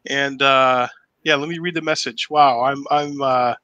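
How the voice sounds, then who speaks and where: A man from Boston co-hosting a casual podcast, bantering excitably with slang and swearing. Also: mid-range voice, a little slow, dull audio. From Boston, USA. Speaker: podcast co-host.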